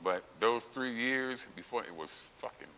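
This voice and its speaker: A middle-aged man, a former champion weightlifter, telling his story in a gym with heavy profanity and loud, acted-out outbursts. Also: mid-range voice, expressive, unhurried. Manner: profane, emphatic, acts out quotes with loud outbursts. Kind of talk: candid interview storytelling. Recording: long reverb with faint hiss.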